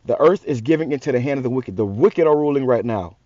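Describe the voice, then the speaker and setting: Male street preacher, fast and profane, heated, dry lo-fi audio. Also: mid-range voice, animated, dark tone, no echo. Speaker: religious channel host. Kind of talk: ranting street sermon.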